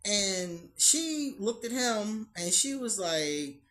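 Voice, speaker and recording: A woman's voice: fairly high pitch, slow. Woman just chatting, laughs a lot, voice jumps all over. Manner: laughs often, animated storytelling. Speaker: astrology channel host. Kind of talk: casual chat to camera.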